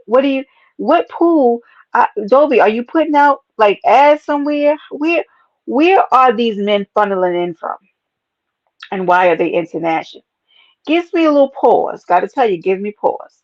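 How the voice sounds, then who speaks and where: A woman chats through a casual livestream and greets her viewers by name. Her voice is playful and animated and bounces up and down in pitch. The sound is dry and a little dull. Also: dry recording. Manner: animated, playful, talks to chat as baby and y'all. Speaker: livestream host. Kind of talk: casual livestream chat reading comments.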